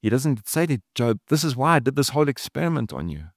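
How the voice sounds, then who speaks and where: A man's voice: medium pitch, sing-song, fast talker, no room sound, studio quality. A man, a pastor, giving an earnest, conversational sermon with casual asides.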